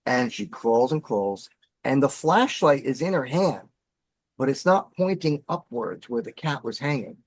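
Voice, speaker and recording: A man telling a story as a podcast guest, animated and dramatic in his delivery. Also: fairly high pitch, no room sound. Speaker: podcast guest, former bassist. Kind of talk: storytelling in casual chat.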